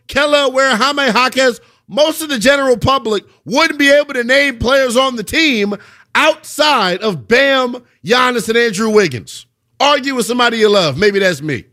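Animated man hosting sports talk radio. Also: very high voice. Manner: animated, argumentative, rhetorical questions.

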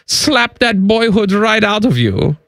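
A man's voice: high voice, very animated, takes it slowly, fairly bright tone, no room sound, clean studio sound, full character voice. A man putting on a comic German accent to play a brash, lewd, boastful German man in a comedy bit. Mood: leering boastful. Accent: put-on German. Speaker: comedy co-host.

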